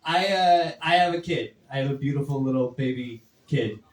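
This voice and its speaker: A man's voice: medium pitch, moderate pace. Young man doing stand-up in a roomy basement. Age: 20s. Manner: rambling, filler-heavy delivery with acted quotes. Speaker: stand-up comic. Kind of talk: stand-up set. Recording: roomy, far from the mic.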